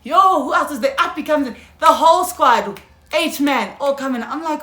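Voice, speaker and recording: A young South African woman telling a storytime vlog, animated and slangy, often calling out to her viewers. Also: high voice, normal speed. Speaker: YouTuber. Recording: echoey room.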